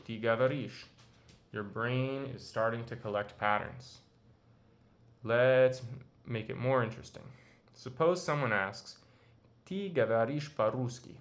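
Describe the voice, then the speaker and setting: Male language teacher, slow and patient, drills short phrases. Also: mid-range voice. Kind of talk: audio language lesson.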